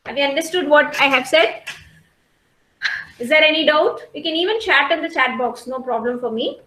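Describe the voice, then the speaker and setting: A high-pitched woman teaches a college literature class over a video call. She explains slowly and patiently, repeats her points and keeps checking whether students follow. The sound is roomy, with a noticeable echo. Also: sharp tone. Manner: explains patiently, repeats points, asks "okay?" and "got it?" often. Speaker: college English lecturer. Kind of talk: online class lecture.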